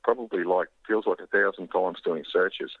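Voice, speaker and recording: A man's voice: deep voice, normal speed, creaky, breathy edge, no room sound. Australian man on a tinny phone line. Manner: friendly, laughs easily, says mate. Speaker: caller.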